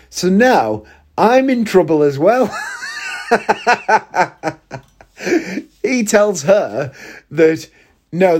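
A man in his forties telling funny personal stories in a casual, chatty way, breaking into loud laughter often. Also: a little high. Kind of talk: casual storytelling monologue.

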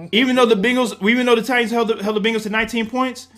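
A man co-hosting a sports talk show, passionate and emotional, breaking into loud rants. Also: very high voice, steady tone, fast. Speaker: co-host.

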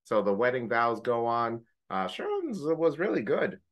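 A man co-hosting a podcast, telling a story in casual chat, animated, swearing freely and mimicking friends in high joking voices. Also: unhurried. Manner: swears casually, uses gamer slang. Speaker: podcast co-host.

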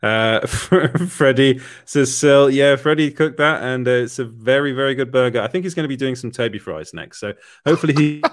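A man's voice: medium pitch, moderate pace, no room sound, studio quality. A young man hosting a livestream, reading viewer comments in a chatty way with frequent laughs and fillers. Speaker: livestream host. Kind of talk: casual live chat, reading viewer comments.

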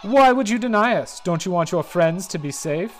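This is a smug, menacing masked villain from a video game, read aloud by a woman, booming each demand at a deliberate, slow pace. The voice swoops high and low with lively pitch. Faint music plays underneath. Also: close to an everyday voice. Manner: loud, slow and commanding.

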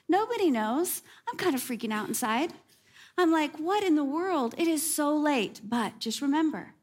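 Woman, pastor, sermon storytelling, fairly high voice, animated, self-deprecating humor. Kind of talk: sermon told as a personal story.

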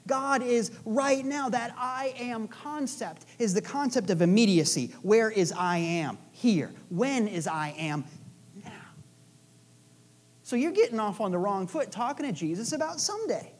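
A woman's voice: a little high, animated, measured pace. A woman preaching a sermon in a casual, playful storytelling way, with chatty asides to the listeners. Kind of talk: conversational sermon.

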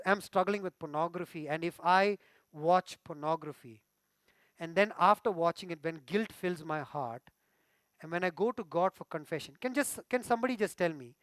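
A pastor delivers a sermon in a fairly high male voice. He is earnest and keeps turning to the congregation with direct questions. The sound is dry, with little room echo. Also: fairly bright tone.

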